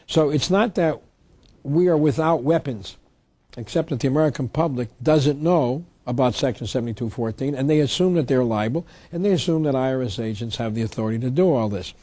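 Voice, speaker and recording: Emphatic man lecturing, mellow tone. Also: mid-range voice, fairly quick. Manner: emphatic, reads statutes aloud. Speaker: lecturer on tax law. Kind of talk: public lecture.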